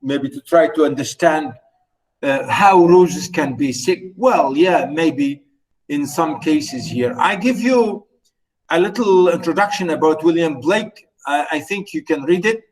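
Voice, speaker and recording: A man's voice: a little high, lively intonation, a little slow, darkish tone, low-quality recording. A man giving an unscripted poetry lecture to students, hesitating often, with many fillers and restarts, and checking in with his listeners.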